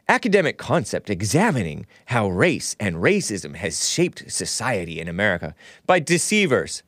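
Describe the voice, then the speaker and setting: A man's voice: mid-range voice, sing-song, moderate pace, a bit bright, no echo, clean studio sound. Sarcastic ranting male podcast host. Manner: combative, sarcastic ranting with frequent restarts. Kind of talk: solo political commentary.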